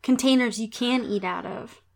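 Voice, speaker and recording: A woman's voice: a little high, moderate pace, vocal fry, crowd noise. A woman with a Texas accent, co-hosting a casual chat podcast, joking and laughing easily between stories. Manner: laughs often, jokey asides. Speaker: podcast co-host.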